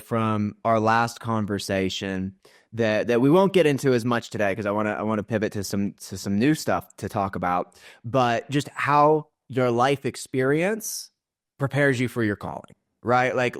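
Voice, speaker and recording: A man hosting a podcast in a casual interview, halting and repeating his words as he speeds up in bursts. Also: medium pitch, no room sound, clean studio sound. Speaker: podcast host.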